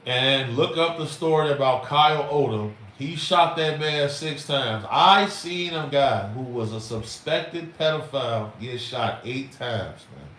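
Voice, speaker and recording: A man's voice: mid-range voice, unhurried, hardly any pauses, fairly bright tone. A middle-aged man, hosting a livestream in an emphatic, rambling, slangy way. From Chicago. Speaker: livestream host. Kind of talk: casual livestream talk. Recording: roomy echo, far from mic, faint noise.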